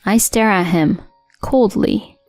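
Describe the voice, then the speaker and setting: A woman narrating her own story in a cool, steady, matter-of-fact manner at a middle pitch. The voice-over is dry and close. Soft music plays underneath. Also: takes it slowly, no room sound. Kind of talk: first-person story narration.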